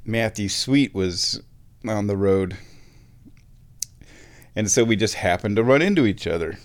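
A man in his thirties from Omaha, telling a rambling, animated story in a casual monologue, chuckling now and then and bringing quoted people to life. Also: lowish voice, measured pace. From Omaha, Nebraska.

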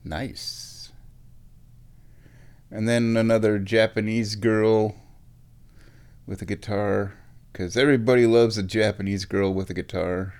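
A man in his thirties from Omaha, telling a rambling, animated story in a casual monologue, chuckling now and then and bringing quoted people to life. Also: on the low side, slow, long pauses. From Omaha, Nebraska.

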